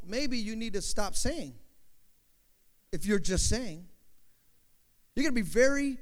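A man preaching a sermon, telling an animated story with lots of fillers. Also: sits high. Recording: long hall reverb.

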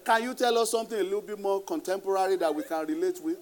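Nigerian pastor guy, middle-aged, high voice, loud and emphatic, laughs a lot between points. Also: rapid-fire. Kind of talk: sermon.

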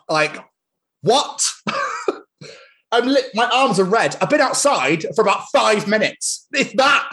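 A young man co-hosting a podcast in casual chat from his flat, excitable and sweary, often laughing. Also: high voice, slow, pauses often. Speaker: podcast co-host. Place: hot flat.

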